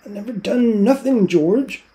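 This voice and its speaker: A man's voice: high voice, unhurried, warm tone, voice pushed up. A man voicing a big, simple-minded grown man who pleads in a childlike way, reading a novel aloud. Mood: pleading. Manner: pleading, plaintive.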